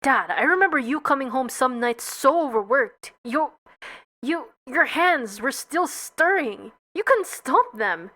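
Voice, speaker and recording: A woman's voice: sits high, animated, unhurried, bright, forceful tone, full character voice. A woman voicing an earnest, indignant young male bee hero.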